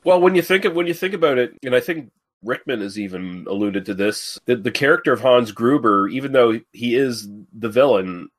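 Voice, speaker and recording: A man's voice: mid-range voice, brisk. A man co-hosting a casual film podcast, rambling with fillers and casual swearing. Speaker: podcast co-host. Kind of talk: casual movie discussion.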